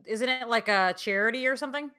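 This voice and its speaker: A woman's voice: a little high, fast talker, pushed and bright, clear, resonant tone. A woman co-hosting a casual podcast chat who swears freely and laughs often. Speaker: podcast co-host.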